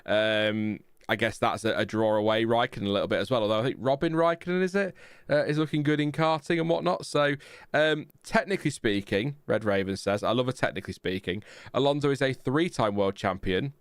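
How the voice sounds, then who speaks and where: A man's voice: medium pitch, brisk, smooth, dry recording, clean studio sound. A man hosting a live stream, reading out chat messages in a rambling, self-mocking way with many fillers. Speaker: podcast host reading chat.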